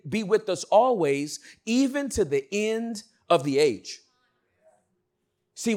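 A male pastor preaching a sermon, swinging from loud shouts to hushed words. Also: high voice.

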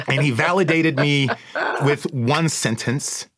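A man tells stories in conversation with lively energy, his pitch swinging widely as he acts out the voices of people he quotes. He speaks as a guest and podcast host. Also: moderate pace. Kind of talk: storytelling conversation.

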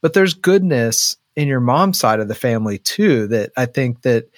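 A man's voice: mid-range voice, animated, normal speed, dry recording. Reflective male podcast host, dry sound. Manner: reflective, affirming, often adds "right?". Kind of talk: podcast interview and narration.

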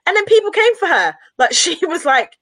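A woman from London chatting casually and telling stories with animated laughter. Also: very high-pitched, brisk, no room sound, rough recording. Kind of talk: casual chat.

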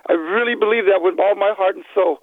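A man's voice: high voice, a little fast, dry recording. A middle-aged man calling in to a sports radio show, emotional and near tears, his voice worn from illness. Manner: emotional, tearful, rambling. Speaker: caller. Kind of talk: call-in radio. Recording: tinny phone line.

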